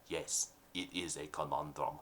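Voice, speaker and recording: A man voicing a gruff 1930s mafia boss who speaks slowly and commands. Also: steady tone, fairly bright tone. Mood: menacing. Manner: slow, low, commanding.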